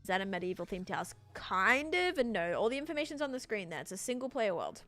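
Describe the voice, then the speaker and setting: A woman's voice: mid-range voice, sing-song, quick pace, fairly bright tone, soft background music. A young woman with an Australian accent chatting casually on a live stream, reading and answering chat while building in a game.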